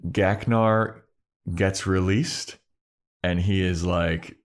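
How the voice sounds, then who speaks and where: A man's voice: low-pitched, fairly even intonation, drawn-out words. A man co-hosting a podcast, casually recapping a TV episode and acting out the characters' lines with laughter. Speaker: podcast co-host.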